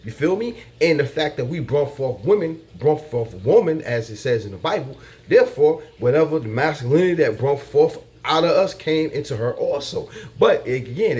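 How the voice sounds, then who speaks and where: A man's voice: a little high, darkish tone. A man giving dating advice in a casual monologue, blunt and profane, repeating his points like a lecture.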